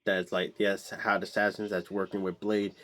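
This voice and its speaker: A man with a fairly low voice rambles through a casual movie review. He swears constantly, stumbles through fillers and restarts, and breaks into exasperated outbursts. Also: flat delivery, moderate pace, a bit bright.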